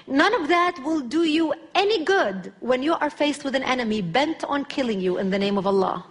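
A woman's voice: high-pitched, expressive, normal speed. A woman, giving a public speech as an emphatic personal testimony. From Lebanon. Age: 40s. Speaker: speaker.

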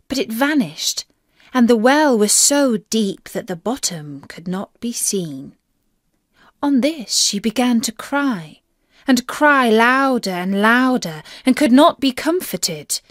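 A woman narrating a fairy tale as a slow, clear reading for English learners. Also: a little high, sing-song, no echo, clean studio sound.

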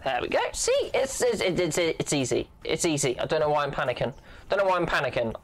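Goofy, lively let's-play host. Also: medium pitch, quick pace. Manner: playful and goofy, with silly sound effects. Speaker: gaming channel host.

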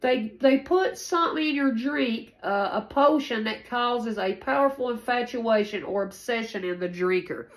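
Poor audio captures a tarot reader with a higher-pitched voice who talks at normal speed with hardly any pauses. She rambles, circles back to the same points, and curses frequently throughout the casual reading.

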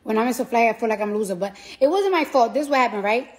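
A woman's voice: fairly high pitch, expressive, racing, darkish tone. A tired woman rambling casually and profanely on a live stream from her phone, repeating herself as she talks to fans.

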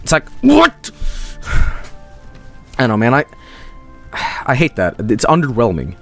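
Man, game streamer, casual commentary, very animated pitch, swearing, rambling. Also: slow, soft background music. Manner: rambling, swearing, sudden high-pitched outbursts.

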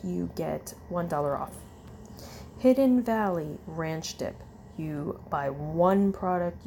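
A woman in casual chat, reading a long list of coupons in a slow, tired way, with fillers and self-corrections. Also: fairly low pitch, gravelly, warm tone, slight background noise. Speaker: vlogger.

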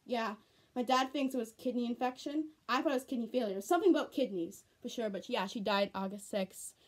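High-voiced teen girl vlogging. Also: a little fast. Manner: rambling, repeats herself, fond and earnest. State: tearful, on the verge of crying. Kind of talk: casual vlog chat.

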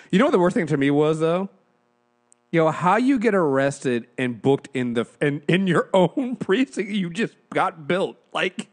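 A man co-hosting a casual review podcast, slangy and animated, laughing often. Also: on the high side. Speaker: podcast co-host.

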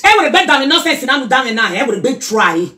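A middle-aged Nigerian woman chatting casually in a reaction vlog, animated and scolding by turns. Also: high voice, fast. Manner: animated, mixes pidgin and Yoruba, scolding asides. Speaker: social media commentator.

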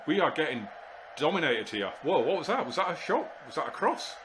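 A man commentating live on his football management game, exasperated and muttering to himself, with sudden shouts when goals go in. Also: a little high, sing-song, brisk, noisy background. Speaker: gaming YouTuber.

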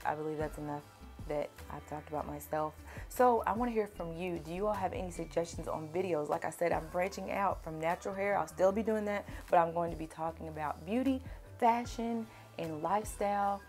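A young woman with a Southern country accent, chatting casually to camera in a Q&A beauty vlog, devout and animated. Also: on the low side. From Kentucky, USA. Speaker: beauty vlogger.

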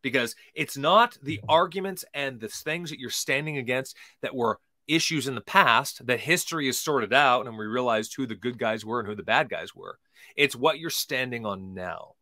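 A man hosting a podcast, giving emphatic, preachy commentary that swings between loud and quiet, and slowly reading scripture aloud. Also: medium pitch, no echo, clean studio sound. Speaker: podcast host.

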